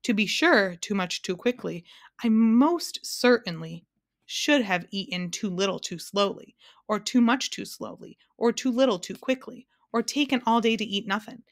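A woman's voice: medium pitch, lively intonation, normal speed, no room sound, clean studio sound, pitched above the performer's own voice, natural voice. A woman voicing a pompous, fussy male humbug insect in a storybook read-aloud, speaking in a grand, wordy way.

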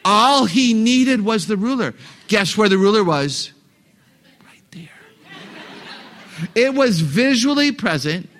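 A man's voice: high voice, fairly bright tone. A man giving a live talk to parents, joking and asking the audience questions. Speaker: parenting seminar speaker.

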